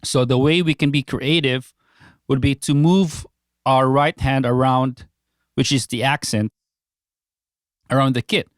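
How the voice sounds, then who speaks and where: A man explains drum-kit patterns in a calm, step-by-step teaching voice. His pitch sits in the middle range, and the recording is close and dry. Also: unhurried, pauses often, no room sound. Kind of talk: instructional drum lesson.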